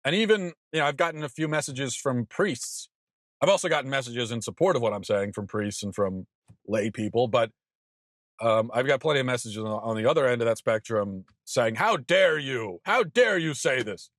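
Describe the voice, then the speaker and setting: A man in his thirties hosts his own show, delivering an emphatic opinion monologue. He repeats himself for stress and stumbles into quick restarts. His voice sits at a middle pitch, and the recording is dry and close. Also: dry recording. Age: 30s. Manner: emphatic, repetitive, stammering restarts. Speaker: podcast host.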